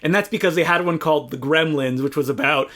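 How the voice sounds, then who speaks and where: Podcast cohost guy, bright sharp voice, a bit high, laughs all the time while chatting. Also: fast. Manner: laughs often while talking. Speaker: podcast co-host. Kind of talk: casual chat.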